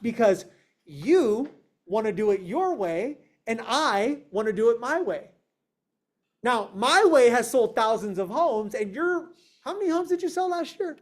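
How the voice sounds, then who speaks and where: Over a video call, a man with a very high, expressive voice runs a real estate sales meeting at a moderate pace. He's emphatic and confrontational, firing questions at his team and imitating clients in quoted voices.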